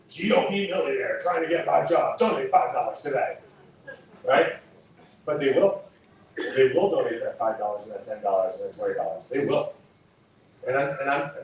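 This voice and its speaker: A man's voice: mid-range voice, a little mellow, a little hiss or hum. A man running for office, giving an impassioned campaign speech full of punchy rhetorical questions, recorded from far off in an echoey hall. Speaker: political candidate. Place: event hall.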